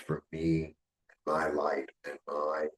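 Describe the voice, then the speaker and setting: A man with a New York accent giving a rambling, halting tarot reading, full of fillers. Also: very deep voice, completely flat delivery, roomy sound, recorded from a distance, rough recording. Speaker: tarot reader. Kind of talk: casual spiritual monologue.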